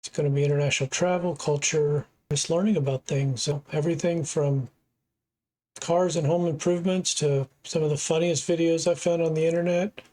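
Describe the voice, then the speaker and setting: A man's voice: a little high, steady tone, brisk, darkish tone, rough recording. A middle-aged man from the United States, hosting a reaction video and talking in a plainspoken, rambling way. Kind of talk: casual commentary.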